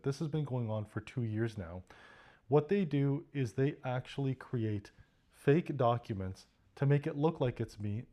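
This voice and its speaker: Man, mellow tone, firm and measured warning statement. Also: medium pitch.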